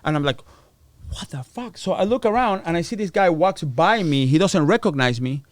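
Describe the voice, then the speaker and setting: Animated man telling a crime story. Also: on the high side, a little fast, no room sound, clean studio sound. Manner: animated storyteller acting out quoted voices. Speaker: podcast guest. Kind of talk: storytelling interview.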